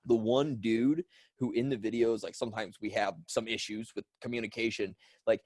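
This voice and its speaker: A man's voice: lowish voice, steady tone, normal speed, a little mellow, no echo. A man co-hosting a podcast, telling stories in a rambling, casual way with lots of fillers and swearing. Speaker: podcast co-host. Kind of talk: casual chat.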